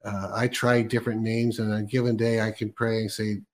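A man's voice: lowish voice, flat delivery, fairly quick. A man hosting a casual faith interview, chatting with frequent laughs, fillers and restarts. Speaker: host.

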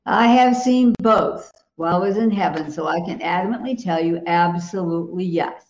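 A woman's voice: fairly low pitch, moderate pace, darkish tone, roomy sound, lo-fi sound, slight background noise. A woman co-hosting a Christian talk show, speaking with emphatic assurance and laughing easily. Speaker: co-host.

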